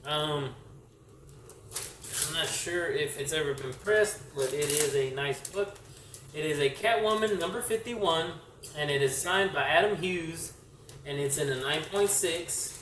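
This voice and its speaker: A man's voice: on the high side, fairly bright tone. Rambling man, echoey room, off-mic. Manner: rambling, halting, lots of fillers and self-corrections. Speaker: comic collector vlogger. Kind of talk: casual show-and-tell vlog. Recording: roomy echo, distant mic, faint hiss.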